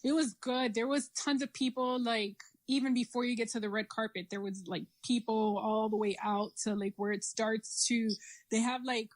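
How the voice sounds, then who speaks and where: A woman's voice: on the high side, steady tone, moderate pace. Chatty woman, lots of fillers. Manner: rambling, many "like" and "um" fillers. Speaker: triathlete guest. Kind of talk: casual interview chat.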